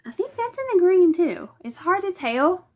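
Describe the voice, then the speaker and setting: A woman's voice: extremely high pitch, sing-song, moderate pace, darkish tone. A woman with a Southern US accent chatting casually through a quilting unboxing in her living room, hesitant and thinking aloud as she goes. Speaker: vlogger.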